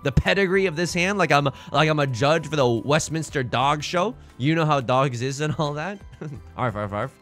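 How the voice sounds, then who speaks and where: A man hosting a let's play, commenting casually on his game in an excitable, jokey way, thinking aloud. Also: a little high, normal speed, faint music behind.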